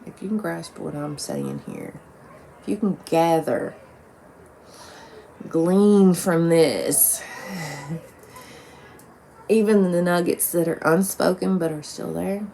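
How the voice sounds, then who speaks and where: Blunt, gravelly-voiced woman vlogging. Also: on the low side, big pitch swings, takes it slowly, long pauses, mellow, a little hiss or hum. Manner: blunt and profane, rambling with many "like"s. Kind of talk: casual monologue to camera.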